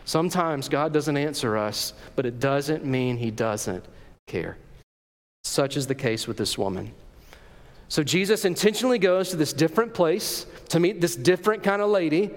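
A high-voiced man, a pastor, preaches an animated sermon at a normal speed in a church sanctuary. He speaks conversationally and asks the congregation questions. The recording is reverberant, typical of a church hall.

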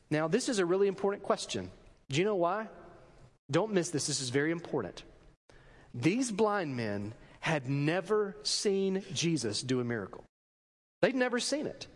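A man preaching a sermon, telling a story with lively drama and acting out the voices of the people in it. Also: high-pitched, moderate pace, long reverb tail. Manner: animated storytelling preacher, acts out the quoted pleas. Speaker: pastor.

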